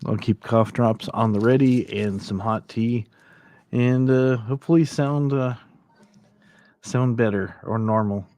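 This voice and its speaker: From an old house, a Southern California man hosts a casual late-night livestream, rambling and laughing with viewers, his throat slightly scratchy from allergies. His medium-pitched voice is warm and a little slow, with no echo.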